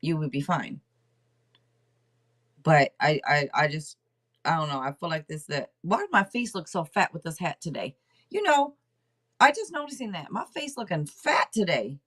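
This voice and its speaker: Brief: middle-aged woman, livestream tarot host, low-ish voice that swings up and down a lot, rambling self-talk. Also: animated, moderate pace. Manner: rambling, chatty, talks out loud to herself. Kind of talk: casual livestream tarot reading.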